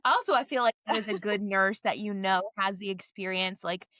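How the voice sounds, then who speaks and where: A woman's voice: mid-range voice, pushed and bright, dry recording. A woman hosting a podcast, responding to her guest in casual chat with short affirming remarks. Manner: affirming, quick listener remarks. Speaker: podcast host.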